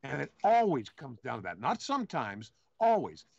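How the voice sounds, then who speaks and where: A man's voice: medium pitch, wildly swooping pitch, moderate pace, vocal fry, dull audio. A man talking as a guest on a live show, blunt and insistent, swearing often. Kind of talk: heated live web talk show.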